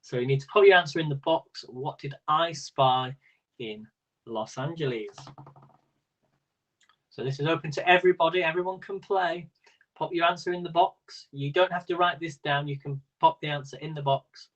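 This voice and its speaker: A man's voice: fairly high pitch, moderate pace, a bit bright, dull audio. A man hosting a live-stream quiz in a casual, rambling way, laughing often as he talks. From Britain. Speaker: quiz host.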